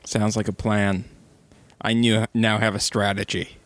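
A man's voice: lowish voice, level tone, unhurried, no room sound. A man playing a tabletop game, speaking in character with grumpy sarcasm. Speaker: player.

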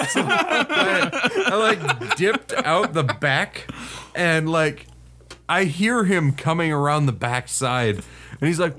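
Lively man telling a story, laughing. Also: on the high side, slow. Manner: animated, laughs often while telling, swears freely. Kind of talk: casual storytelling chat.

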